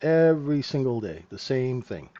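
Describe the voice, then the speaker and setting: Hosting a live trading lesson, this trainer speaks in a mellow medium pitch with big swings at a moderate pace. His style is conversational, peppered with "right?", and the highs are cut off.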